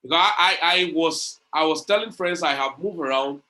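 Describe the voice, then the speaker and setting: Guy with a bright, kinda high voice giving a preachy crypto pep talk, keeps retelling chats. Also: moderate pace. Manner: preachy, repeats phrases, retells conversations. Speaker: crypto community leader. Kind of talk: motivational online talk.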